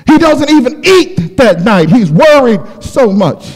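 A man preaching a sermon, telling a Bible story with dramatic, shouted climaxes. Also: extremely high pitch, sing-song, a little slow. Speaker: pastor. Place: church sanctuary. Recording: long hall reverb.

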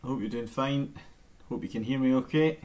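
A man giving a relaxed, chatty live-streamed bagpipe lesson from home into his camera mic. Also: mid-range voice, normal speed. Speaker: bagpipe teacher.

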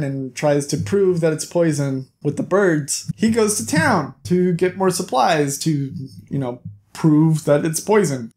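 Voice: medium pitch, lively intonation, slow pace, a little mellow. A book reviewer talks through a novel in a loose, chatty recap. The tone is playful, with jokey asides aimed straight at the listener.

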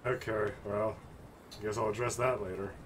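A man's voice: on the low side, fairly even intonation, normal speed, noisy background. A man streaming a game, chatting casually and joking at the characters on screen. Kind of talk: casual gameplay commentary.

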